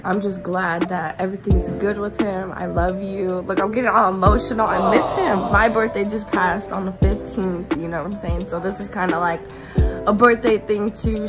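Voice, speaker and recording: A woman in her twenties talking casually to her phone camera, slangy and chatty, giving shout-outs. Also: medium pitch. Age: 20s. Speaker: vlogger. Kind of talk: casual vlog chat.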